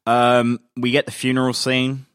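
A man's voice: medium pitch, completely flat delivery, moderate pace, a bit bright, smooth, dry recording, studio quality. A man co-hosting a casual film recap, explaining the plot steadily step by step. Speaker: podcast co-host.

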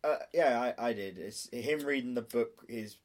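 A man's voice: mid-range voice, normal speed. A young man co-hosting a podcast, joking around in casual chat and cursing for punchlines. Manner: animated, jokey, swears for punchlines. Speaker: podcast co-host.

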